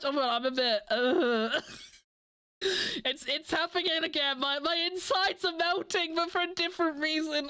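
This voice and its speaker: A woman's voice: high voice, animated, a little slow, pushed and bright, no echo. A young woman chatting casually on a livestream, rambling with many "like" fillers and frequent giggles. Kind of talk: casual chat stream.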